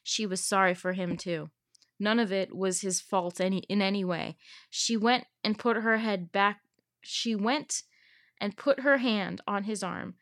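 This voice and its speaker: A young woman reading a science fiction novel aloud to friends, expressive and chatty, laughing between passages. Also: medium pitch, a little slow, dry recording, studio quality. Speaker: reader.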